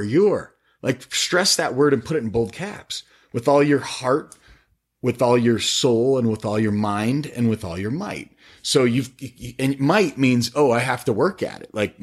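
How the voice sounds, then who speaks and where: A middle-aged man talking about faith on a podcast with eager, animated, preachy storytelling. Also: medium pitch, slightly rough. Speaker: podcast guest, faith-based business owner. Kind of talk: casual podcast conversation.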